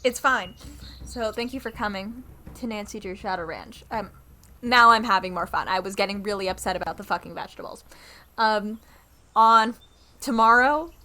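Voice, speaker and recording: A young woman streaming a video game, chatting casually and excitably and swearing freely. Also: medium pitch.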